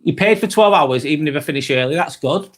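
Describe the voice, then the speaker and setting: Fast and lively in intonation, the fairly high voice belongs to a young man with a broad Lancashire accent from Northwest England. He hosts a casual live stream, chatting with viewers, reading their comments and swearing liberally.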